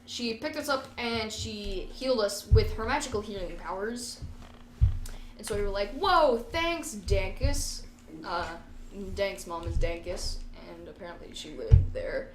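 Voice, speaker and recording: A young woman telling a silly improvised story in a casual comedy chat, halting and hesitant. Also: mid-range voice, a little hiss or hum. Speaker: co-host. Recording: echoey room.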